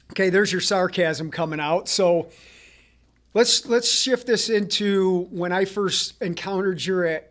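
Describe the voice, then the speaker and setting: A man hosting a podcast, asking interview questions in a measured, deliberate way. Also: high-pitched. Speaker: podcast host.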